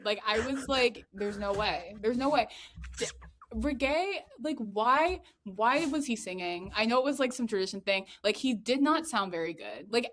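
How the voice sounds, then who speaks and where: Young adult woman co-host, bright, animated, incredulous; faint background hiss. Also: a little high. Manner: expressive and incredulous, quoting her own reactions. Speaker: podcast co-host. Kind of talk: casual movie review chat.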